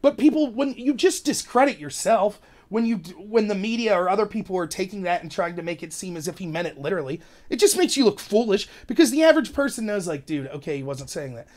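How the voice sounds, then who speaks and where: A man hosting a podcast, delivering an animated, rambling opinion monologue and acting out quotes in other voices. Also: high-pitched, fast, hardly any pauses. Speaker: podcast host.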